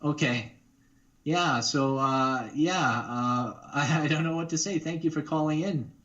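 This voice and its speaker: A man talks casually as a guest on a call-in show. His voice sits a little high and he keeps things playful and jokey. His audio comes through a dull, lo-fi line. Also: measured pace, a bit bright. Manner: jokey, breaks into silly voices and songs. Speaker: guest voice actor. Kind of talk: casual chat.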